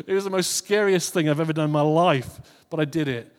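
A fairly high-pitched man speaks at a fairly quick clip as he gives a casual sermon to his congregation. He talks conversationally, often repeating and restarting phrases, and the recording has a long hall reverb.

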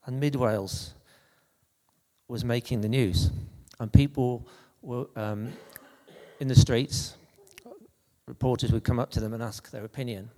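A man preaching an anecdotal sermon in a conversational, halting way, with frequent restarts. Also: medium pitch, steady tone, dark tone, in a large hall.

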